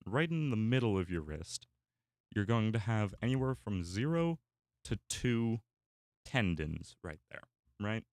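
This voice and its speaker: Young man, deep voice, dry close sound, rambling casual chat while drawing. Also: very animated, unhurried, darkish tone, dry recording. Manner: rambling, many fillers and restarts. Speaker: artist and YouTuber.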